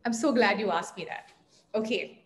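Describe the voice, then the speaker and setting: A woman's voice: mid-range voice, normal speed, creaky. A woman speaking earnestly on a panel about parenting, emphatic and full of rhetorical questions. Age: adult parent. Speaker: guest speaker on yoga parenting. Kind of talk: online panel talk.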